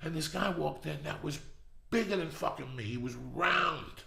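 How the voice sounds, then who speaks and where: A middle-aged man hosting a podcast, telling a long story with constant swearing and rising excitement. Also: on the high side, moderate pace, gravelly, echoey room. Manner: profane, animated storytelling. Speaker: podcast host. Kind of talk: storytelling monologue.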